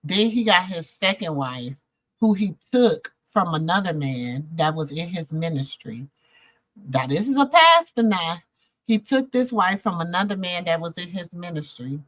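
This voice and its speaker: A middle-aged woman telling stories in a casual chat to her viewers, animated and calling out to them. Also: fairly low pitch, a little slow, no room sound, rough recording. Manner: animated storytelling, calls out to viewers. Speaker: host.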